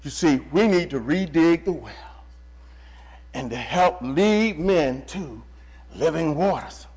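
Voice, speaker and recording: A male preacher delivers a lively sermon in a high, sweeping voice. He calls out to his congregation and repeats phrases for emphasis. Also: takes it slowly, a crowd in the background, rough recording. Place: church.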